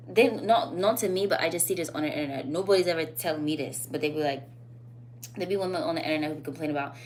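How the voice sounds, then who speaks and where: A woman holding forth in a casual vlog, with a slightly low voice that jumps up when she makes a point. She rambles loosely and lands each point bluntly. A faint hum sits under the recording. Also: fast. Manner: blunt, animated, rising to emphatic peaks; loose, rambling phrasing with fillers. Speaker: vlogger.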